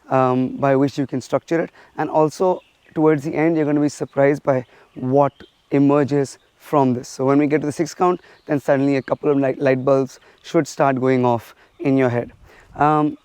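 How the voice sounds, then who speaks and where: A man's voice: on the high side, dark tone, clean tone, dry recording. A martial arts instructor from India, a man, explaining and demonstrating stick drills while counting strikes aloud.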